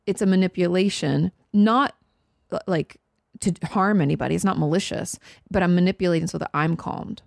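A woman's voice: on the low side, a little fast, vocal fry, dry recording, clean studio sound. A woman in her thirties, a therapist guesting on a podcast, talking frankly and casually with some swearing. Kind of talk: casual chat.

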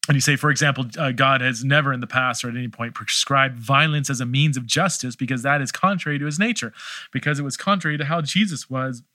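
Middle-aged guy answering listener questions, bright tone, dry close mic, lots of ums and restarts. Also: mid-range voice, fast talker, no room sound. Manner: thoughtful, hesitant, many restarts and fillers. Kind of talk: casual theological Q&A.

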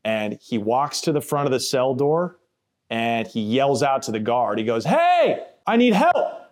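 A man's voice: medium pitch, normal speed. A man telling his own story in a plainspoken, blunt way, casual and with swearing, acting out other people's voices in quotes. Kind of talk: first-person storytelling podcast.

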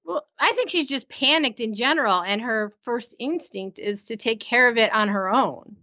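A woman's voice: a little high, normal speed, sharp tone, no room sound. A woman co-hosting a podcast in an easygoing, casual way, laughing often. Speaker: podcast co-host. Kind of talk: casual recap chat. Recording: slightly dull, muffled audio.

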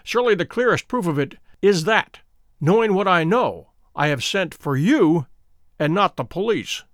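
A man reading a stern, measured detective. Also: high voice, animated, no room sound, clean studio sound. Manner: measured and precise. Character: calm, stern, commanding male detective.

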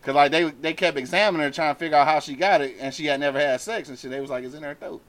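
A man's voice: on the high side, racing, a bit bright, slight background noise. A man co-hosting a radio show, chatting casually and profanely with lots of laughter. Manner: loose, laughing, profane banter. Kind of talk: casual adult-topic chat.

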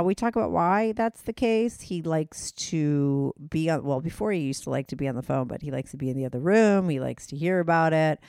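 A woman's voice: fairly low pitch, no room sound, studio quality. A woman hosting a podcast, chatting casually and laughing easily. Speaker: podcast host. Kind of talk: casual chat.

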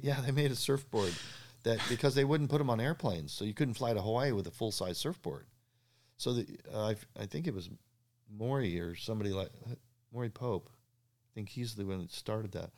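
A man, a surfboard craftsman, telling animated stories in an interview, acting out the dialogue and laughing at his own jokes. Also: on the low side, normal speed. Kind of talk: storytelling in a podcast interview.

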